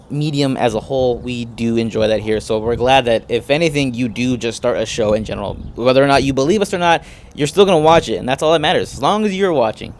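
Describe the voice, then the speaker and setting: A man signing off a casual video in an easygoing, rambling voice. A faint hiss of noise runs behind him. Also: mid-range voice. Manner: relaxed, rambling, with fillers. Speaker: host.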